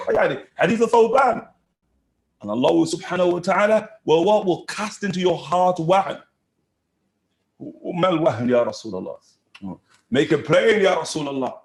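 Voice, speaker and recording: A man teaches a religious lesson in a high, bright voice. He is animated and often laughs, and he acts out the people in his stories. The sound rings around a reverberant room.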